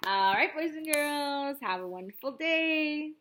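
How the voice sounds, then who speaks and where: A woman reading a picture book aloud to children as a teacher, animated and full of chatty asides to her listeners. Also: high-pitched, unhurried.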